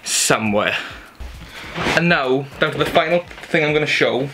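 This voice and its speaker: A man's voice: on the high side, lively intonation, a little slow, sharp tone, slight background noise. A young man, chatty and enthusiastic, showing off his Christmas gifts at home in a casual haul video. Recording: background music under the voice. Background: music playing.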